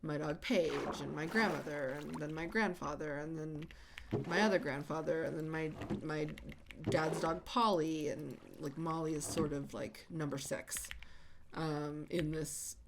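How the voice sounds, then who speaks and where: A woman host chatting casually while she plays, halting with many fillers and restarts, often sighing. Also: low voice. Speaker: channel host. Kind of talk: casual chat while gaming. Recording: audible background noise.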